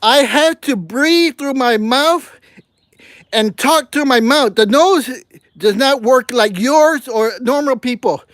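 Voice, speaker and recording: A man in his sixties talks slowly in a breathy, winded voice on his own gardening livestream, his words clipped short. He is blunt and complaining as he reads viewer comments. The sound is dry and close, with no room around it. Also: extremely high pitch, fairly bright tone, no room sound. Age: 60s. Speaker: gardening channel host.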